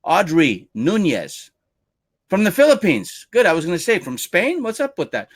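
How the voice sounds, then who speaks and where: A man hosting a live webinar as its lead trainer. His voice sits fairly high and swings widely in pitch. He sounds upbeat as he greets viewers by name. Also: wildly swooping pitch, moderate pace. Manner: upbeat, reads out viewer names one by one.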